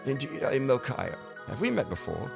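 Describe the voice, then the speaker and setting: A man doing a solemn old male elder whose voice crackles with gravel. He speaks quickly and gravely of looming danger. Game music plays behind him. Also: medium pitch, wildly swooping pitch, voice pushed up, heavily acted.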